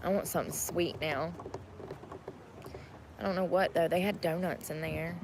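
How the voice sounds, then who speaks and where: A woman who live streams, chatting casually in a soft, meandering way with many fillers. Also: lowish voice, fairly even intonation, normal speed, long pauses, background noise. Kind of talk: casual chat.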